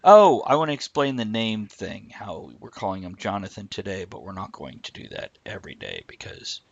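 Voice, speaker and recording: A man's voice: lowish voice, very animated, moderate pace, creaky, highs cut off, a little hiss or hum. A man co-hosting a live stream, rambling casually and breaking off mid-thought. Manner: rambling, self-interrupting, reads chat aloud. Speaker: livestream co-host.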